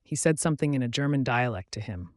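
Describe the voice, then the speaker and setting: Dry, lively male audiobook narrator. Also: mid-range voice, no room sound. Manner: measured, clear reading. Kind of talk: scripted first-person narration.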